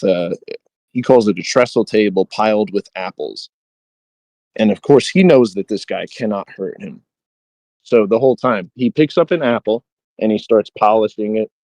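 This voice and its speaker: A man's voice: on the low side, mellow, dry recording. A man co-hosting a podcast, casually retelling a book scene, quoting the characters and laughing as he goes. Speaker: podcast co-host.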